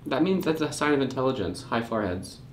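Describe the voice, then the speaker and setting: A man's voice: medium pitch, expressive, fast talker, a little hiss or hum. Chatty male host in an echoey room. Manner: chatty, curious questioner. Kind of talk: casual interview chat.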